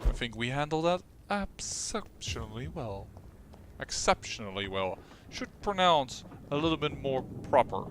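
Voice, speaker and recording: A man's voice: fairly high pitch, animated, moderate pace, hardly any pauses, a little hiss or hum. A man hosting a let's play, chatting through his gameplay with wry, self-mocking remarks. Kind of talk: gameplay commentary. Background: faint game music.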